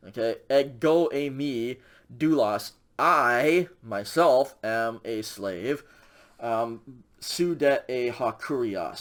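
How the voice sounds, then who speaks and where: A man teaching a recorded language lecture, walking through grammar patiently with frequent ums and okays. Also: medium pitch. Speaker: Greek instructor.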